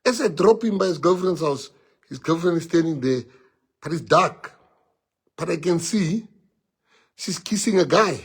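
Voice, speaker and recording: A man's voice: on the high side, expressive, unhurried, long pauses, husky. A man with a South African accent, a party leader telling a colloquial, laughing story to members.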